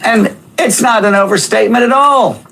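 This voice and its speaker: Indignant high-pitched male TV commentator. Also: normal speed, creaky, pushed and bright. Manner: indignant, stumbling restarts. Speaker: television news commentator. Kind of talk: cable news commentary.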